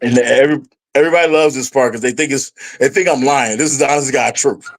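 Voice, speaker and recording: This middle-aged guest on a relaxed podcast talks fast in a gravelly, mid-pitched voice, energetically telling a long personal tale. He pitches higher when playing his past self, and the audio is poor.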